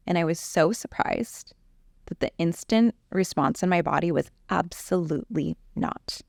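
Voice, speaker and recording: A middle-aged woman coach telling a personal story in an interview, animated and acting out quoted exchanges. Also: on the low side, a little slow, gravelly, no room sound, studio quality.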